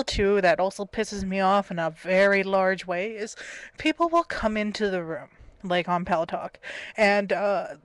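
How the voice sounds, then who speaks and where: A woman's voice: mid-range voice, no echo. Young woman, early twenties, casual exasperated vlog rant, dry webcam audio. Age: 20s. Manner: exasperated, storytelling, frequent laughs. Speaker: vlogger. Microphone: webcam mic.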